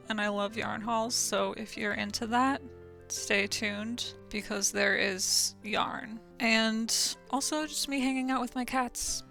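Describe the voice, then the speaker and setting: Bright, gravelly-voiced young woman vlogging. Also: mid-range voice. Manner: chatty, giggly, lots of "like" fillers; drops to a soft whisper when emotional. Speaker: fiber artist vlogger. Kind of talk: casual vlog chat.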